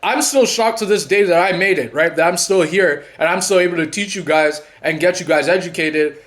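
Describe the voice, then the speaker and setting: A man with a fairly high voice talks straight to his viewers in a loose, unscripted monologue. He keeps restarting his sentences and repeating words. When he retells past conversations he drops lower and quieter. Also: brisk. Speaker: channel host and narcissism coach. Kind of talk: casual talking-to-camera monologue.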